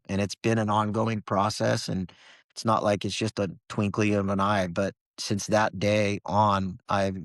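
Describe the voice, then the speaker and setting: A man's voice: on the low side, level tone, unhurried, no echo. A man as a podcast guest, telling a personal story in an earnest, emotional way with many restarts.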